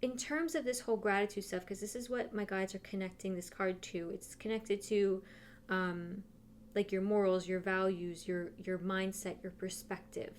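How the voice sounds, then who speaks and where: A woman's voice: mid-range voice, steady tone, moderate pace, a little hiss or hum. A woman giving a casual tarot reading who talks straight to her viewers and thinks aloud as she turns the cards. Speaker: tarot reader.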